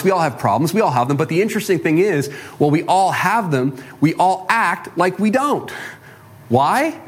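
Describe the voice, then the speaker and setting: Male pastor, slightly raised pitch, conversational sermon with rhetorical questions and self-deprecating asides.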